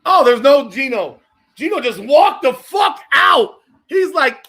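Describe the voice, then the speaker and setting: A man's voice: extremely high pitch, sing-song, takes it slowly, bright, forceful tone. A man from South Florida hosting a live watch-party podcast, ranting profanely and heatedly over the game. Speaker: podcast host.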